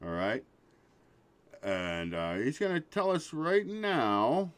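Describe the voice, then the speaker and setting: A man hosting a casual livestream, excitable, swearing and laughing often, trailing off mid-sentence. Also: mid-range voice, slow. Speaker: show host.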